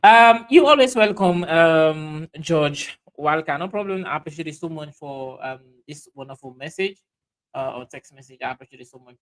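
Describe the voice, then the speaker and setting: A man with a Sierra Leonean Krio accent hosting a livestream, reading out viewer comments in halting speech full of fillers and restarts. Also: on the high side, lively intonation, fairly bright tone, poor audio. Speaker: livestream host.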